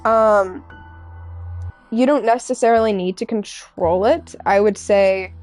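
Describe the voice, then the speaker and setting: A woman's voice: medium pitch, darkish tone. Hesitant young woman streamer, faint music. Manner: halting, hesitant, many fillers and restarts; candid and earnest. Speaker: live streamer. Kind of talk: casual chat with stream viewers.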